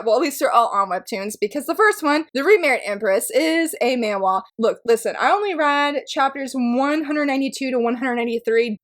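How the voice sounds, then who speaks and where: Animated high-voiced woman vlogger. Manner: animated, emotional, squeals with excitement. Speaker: manga reviewer. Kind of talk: casual vlog chat.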